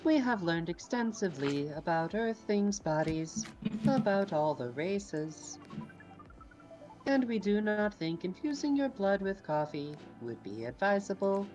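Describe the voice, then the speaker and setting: A woman's voice: medium pitch, big pitch swings, unhurried, darkish tone, faint music behind, pitched above the performer's own voice, rough recording. A woman reading the lines of a formal, polite alien man in a video game, with stiff, careful phrasing.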